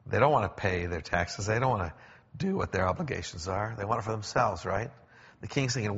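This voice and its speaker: A man preaching a sermon in a conversational way, explaining with pauses and restarts, in a church. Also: fairly low pitch, lively intonation, creaky, a bit bright, slightly rough. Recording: echoey hall, dull lo-fi sound.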